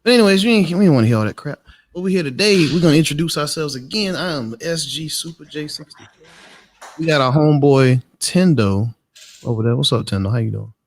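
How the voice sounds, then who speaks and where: Man podcast host, gravelly, lively and playful, slangy banter. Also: on the high side, quick pace. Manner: loose, joking, slangy. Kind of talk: casual podcast chat.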